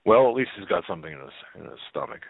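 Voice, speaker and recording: A kindly, lonely old man who runs a gas station talks in a plain, homespun way, read out by a man. The voice is fairly low and comes through a thin, dry, phone-like line. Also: very animated, rapid-fire, creaky, slightly rough, no room sound, full character voice.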